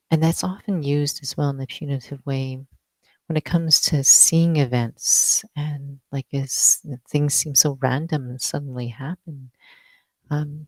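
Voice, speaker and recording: Thoughtful, mellow-voiced interviewer. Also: mid-range voice, no room sound. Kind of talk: conversational interview questions.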